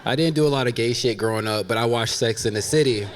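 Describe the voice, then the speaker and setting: A man's voice: medium pitch, fast, background noise. Man in his thirties, live stage storyteller, comic and candid, laughing asides, long hall reverb.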